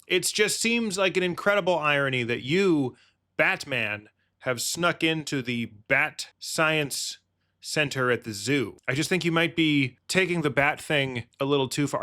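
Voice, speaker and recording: A man's voice: fairly high pitch, pushed and bright. A male comedian riffing sarcastically while reacting to a cartoon, often slipping into silly voices. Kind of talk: comic reaction commentary.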